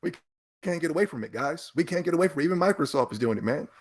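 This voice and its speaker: A man's voice: a little high, rapid-fire. Fired-up man ranting on a podcast. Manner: emphatic, animated, breaks into laughs; repeats himself when worked up. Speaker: podcast host. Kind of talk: ranting commentary.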